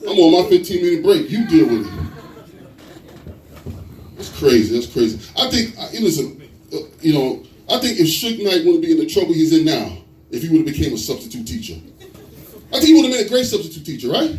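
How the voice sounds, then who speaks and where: Male stand-up comic, animated storyteller with a lively pitch, recorded from a distance in an echoey live room. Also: a little fast, slight background noise. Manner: animated storytelling, frequent quoted voices. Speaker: stand-up comedian. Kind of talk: stand-up comedy set. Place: live comedy venue.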